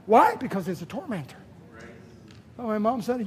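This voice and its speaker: Guy with a really high voice preaching a sermon, emphatic, repeats stuff for stress. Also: big pitch swings, moderate pace, slight background noise. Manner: emphatic preaching with sudden loud bursts.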